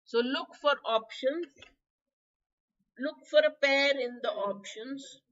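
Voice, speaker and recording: Woman, Indian English accent, hoarse exam-prep teacher; bright, high voice, muffled stream audio. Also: takes it slowly. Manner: chatty, quizzing students by name, coughing. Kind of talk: live online vocabulary class.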